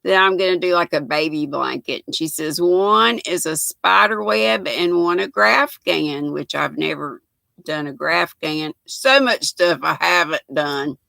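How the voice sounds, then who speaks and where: A woman's voice: deep voice, unhurried, gravelly, sharp tone, no room sound. An older woman from North Carolina with a North Carolina Southern accent, chatting folksily on a crochet livestream and greeting viewers by name. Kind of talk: casual livestream chat reading comments.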